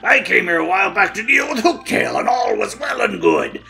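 A man putting on a gruff old pirate turtle father, growly drawl that swoops up and down, gravelly edge, faint game music behind, read aloud over a game. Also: high-pitched, animated, moderate pace, sharp tone, pitched above the performer's own voice, full character voice. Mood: storytelling.

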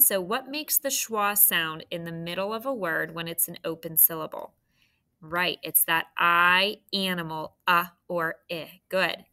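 Woman teacher, slow patient phonics lesson for kids, kinda low and bright voice. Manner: patient, encouraging, slow and clear. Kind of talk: phonics lesson for young students.

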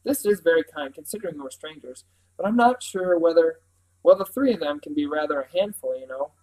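A man's voice: a little high, lively intonation, a little fast, close to an everyday voice, rough recording. A man reading as a hesitant polite mother. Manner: hesitant, gently reluctant.

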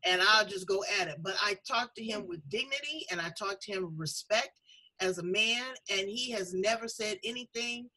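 A woman's voice: medium pitch, moderate pace, pushed and bright, poor audio. A middle-aged woman hosting a talk show, chatting in a candid, folksy, emphatic way. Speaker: show host. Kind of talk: casual talk-show conversation.

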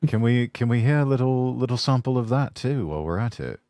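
A man's voice: medium pitch, expressive, a little fast, warm tone, dry recording, studio quality. A British man from England hosting a podcast interview, chatting in a casual, encouraging way and often restarting his words. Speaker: podcast host.

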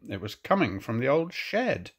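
An older man, a grandfather, gently reading a picture book aloud to children and pointing out the pictures. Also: medium pitch, sing-song, moderate pace, breathy edge. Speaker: grandfather storyteller.

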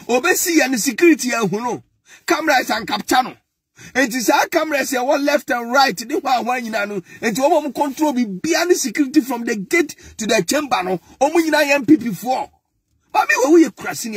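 A Ghanaian man with a very high, raspy, breathy voice runs a scornful political commentary. His tone stays mocking and exasperated throughout. The sound is dry and close, with no room around it. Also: fairly bright tone, no echo.

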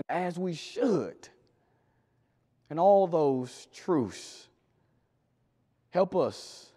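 A man preaching a sermon in a church, swinging from loud emphatic lines to quiet low drops. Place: church sanctuary. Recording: long hall reverb.

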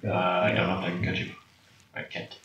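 A man's voice: sits low, completely flat delivery, a little fast, fairly bright tone, slight background noise. A young man joking around while coaching a friend through a video game. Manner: joking, teasing. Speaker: gamer. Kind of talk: casual gameplay commentary. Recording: echoey room, far mic, dull sound.

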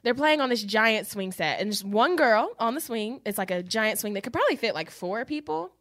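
A woman co-hosting a podcast, telling stories in an animated, profane way. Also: a little high, a little fast, dry recording. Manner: animated, profane storytelling with acted-out quotes. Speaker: podcast co-host. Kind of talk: casual chat.

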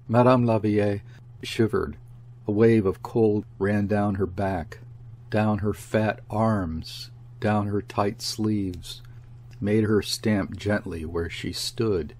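A man narrating a classic story as an audiobook reader, in a measured, unhurried way. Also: lowish voice, steady tone, a little mellow, a little hiss or hum. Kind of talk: scripted literary narration.

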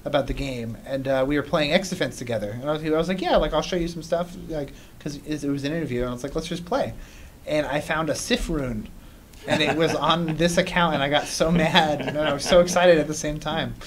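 Guy hosting a game stream, kinda high voice, geeky and excitable, keeps restarting sentences. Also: fairly quick, slight background noise. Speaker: community host of game livestream. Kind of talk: casual livestream chat while playing.

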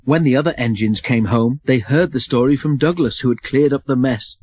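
A man narrating a children's storybook in an expressive, even reading. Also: medium pitch, brisk, breathy edge, no echo, poor audio.

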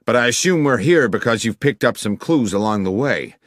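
A man voicing a smooth, self-assured male gentleman in an audiobook, affable and genteel. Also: medium pitch, animated, fairly quick, no echo, studio quality, pitched above the performer's own voice, lightly acted.

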